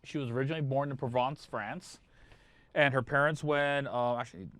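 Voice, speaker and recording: A man explaining things at a halting pace in a casual stream chat. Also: medium pitch, fairly even intonation, a bit bright, dry recording.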